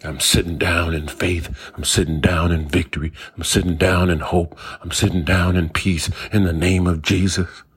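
A man's voice: sits low, flat delivery, moderate pace, few pauses, husky. A man preaching a sermon, building his points through repeated, emphatic phrases. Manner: repetitive, emphatic preaching cadence.

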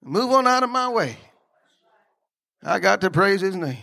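With a high, bright voice touched by vocal fry, a man preaches a sermon in a sing-song rhythm that runs a little slow. He keeps it folksy and conversational, laughing in asides and regularly quizzing the congregation.

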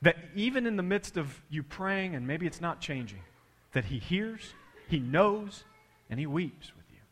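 A pastor preaching a sermon, dropping to a hush and then rising loud to act out the scene, with casual asides to the congregation. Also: male voice, on the high side, sing-song, measured pace, breathy edge, in a large hall. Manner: dramatic, swinging between hushed and loud.

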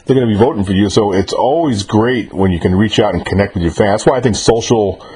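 A man in his fifties hosts a relaxed interview, backing up his guest with warm agreement. His voice sits a little low, and he circles back over his words while he finds them. It sounds like a radio broadcast. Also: quick pace, a little hiss or hum. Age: 50s. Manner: affirming, repeats himself while searching for words. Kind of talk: casual interview.

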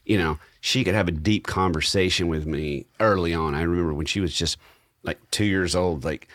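Deep-voiced man hosting a dads' chat. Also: moderate pace, fairly bright tone, dry recording. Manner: steers the talk, thoughtful storyteller. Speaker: host. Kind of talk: casual podcast discussion.

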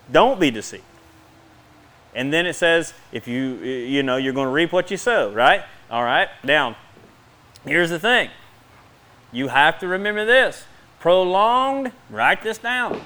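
A middle-aged man preaching a sermon in a fast, folksy way, with bursts of emphasis between quick asides. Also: on the high side, expressive, bright, forceful tone.

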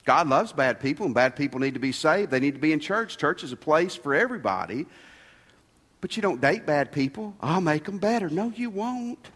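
Folksy preacher in a reverberant hall. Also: male voice, a little high, expressive, brisk, a bit bright. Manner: folksy, conversational preaching with rhetorical questions. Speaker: pastor. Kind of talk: sermon. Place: church sanctuary.

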